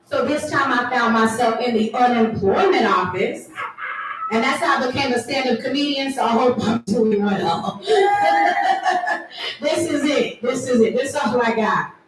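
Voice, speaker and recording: A woman's voice: a little high, normal speed, music in the background. A woman in her thirties doing a playful stand-up comedy set with teasing crowd work at a live event. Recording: echoey room, from far off.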